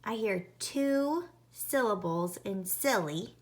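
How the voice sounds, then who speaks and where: A woman teaching a phonics lesson to young children, sounding out each letter slowly and clearly. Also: medium pitch, lively intonation.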